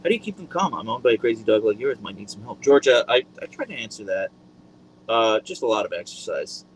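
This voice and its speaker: Man, live-stream host, lowish voice, casual rambling chat, boom mic. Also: animated, quick pace, a little hiss or hum, rough recording. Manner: rambling and friendly, full of fillers. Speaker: livestream host.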